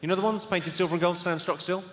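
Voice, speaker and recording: Deadpan comic in a big echoey hall. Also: male voice, sits high, background noise. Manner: deadpan, brisk, teasing the audience. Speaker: stand-up comedian. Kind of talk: stand-up comedy with crowd work. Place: large theatre stage with a live audience. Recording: echoey theatre hall, loud audience.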